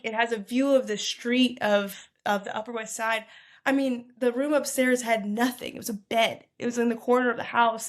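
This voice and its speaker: A young woman telling a long personal story as a podcast guest in a lively, chatty way. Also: fairly high pitch. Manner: lively, chatty, lots of "like" and "y'all". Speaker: podcast guest, food entrepreneur. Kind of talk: casual storytelling.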